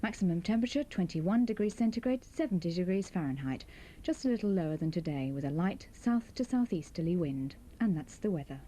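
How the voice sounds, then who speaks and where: A woman as television continuity announcer, calmly and kindly signing off for the night with a gentle joke. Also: on the low side, brisk, few pauses. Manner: calm, friendly, gently joking. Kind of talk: late-night station closedown announcement.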